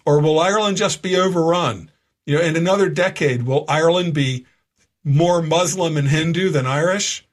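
A male radio host talks at length in a rambling monologue, stopping and restarting often with fillers along the way. His voice sits somewhat high for a man. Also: moderate pace. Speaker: radio talk show host. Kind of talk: monologue on a talk radio show. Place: Florida.

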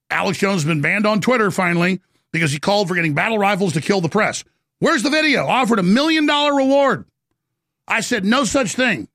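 Gravelly, bright-voiced indignant male host. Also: fairly high pitch, no room sound, studio quality. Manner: emphatic, indignant. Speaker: talk show host. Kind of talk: political talk-show commentary.

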